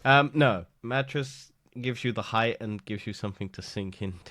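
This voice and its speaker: A man's voice: on the low side, moderate pace, a bit bright, no room sound, clean studio sound. A man who is sick, co-hosting a podcast in casual chat, rambling and joking with lots of fillers and laughs. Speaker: podcast co-host. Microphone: studio microphone.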